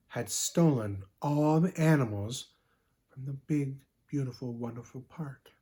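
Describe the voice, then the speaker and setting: A man's voice: mid-range voice, darkish tone, natural voice. A man playing a bubbly, sweet-natured young woman who talks with constant 'like' fillers while telling a comedic story. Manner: ditzy, filler-heavy 'like' talk.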